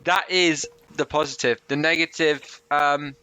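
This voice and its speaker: Man, podcast co-host, relaxed, smooth, bright. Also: a little high, unhurried. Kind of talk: casual chat.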